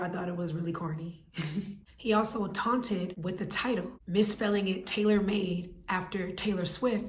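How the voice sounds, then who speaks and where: A woman's voice: medium pitch, reverberant, slight background noise. A woman hosting a scripted commentary, giving her opinionated, analytical take. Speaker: commentary host.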